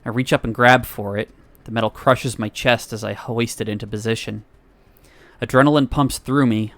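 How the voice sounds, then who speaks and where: A man reads a visual novel aloud on a stream, narrating with feeling and tossing in laughing side comments. His voice sits at an ordinary pitch and sounds close and dry. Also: moderate pace, no echo. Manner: expressive reading broken by laughs and asides.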